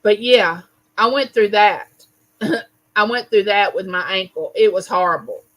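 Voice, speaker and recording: A woman's voice: medium pitch, measured pace, a bit bright, poor audio. A woman, hosting a casual livestream, telling a story with animation and greeting viewers by name. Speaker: livestream host.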